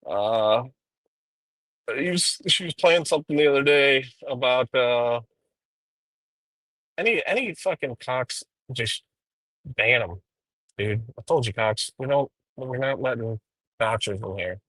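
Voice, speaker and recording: A man's voice: mid-range voice, lively intonation, measured pace, pauses often, a bit bright, no echo, low-quality recording. A man streaming live while driving, rambling through profane drama commentary with frequent ums. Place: inside a car.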